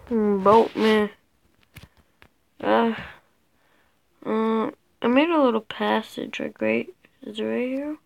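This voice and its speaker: A woman's voice: a little high, steady tone, slow, gravelly, pauses often, low-quality recording. A teenage girl chatting casually while playing a video game, rambling and mocking herself as she goes. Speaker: gameplay commentator. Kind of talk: casual gameplay commentary.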